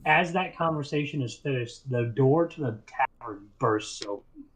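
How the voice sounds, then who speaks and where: A man running a tabletop game as game master, narrating with short filler pauses. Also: medium pitch, a bit bright, low-quality recording.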